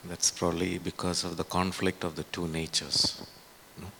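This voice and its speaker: A man's voice: low-pitched, flat delivery, normal speed, gravelly, bright, forceful tone, slight background noise. A man preaching a sermon in a conversational way, with many fillers and tag questions.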